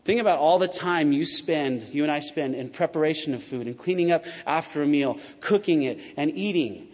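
A man preaching a sermon in a loose, conversational way, slipping into voices for the people in his stories. His voice sits a little high for a man. The recording is muffled and rings with long reverb from a large church hall. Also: brisk. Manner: conversational and animated, acts out quotes. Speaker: pastor. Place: church sanctuary.

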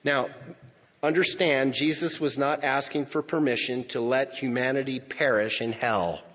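A male pastor preaching a sermon, slow and emphatic, swinging from loud declarations to hushed near-whispers. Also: mid-range voice, fairly even intonation. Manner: slow, emphatic phrasing with pauses. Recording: lo-fi with long hall reverb.

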